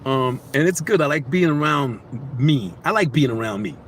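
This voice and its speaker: A man vlogging casually, giving motivational life advice in animated, repetitive storytelling. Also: mid-range voice, normal speed, a little hiss or hum.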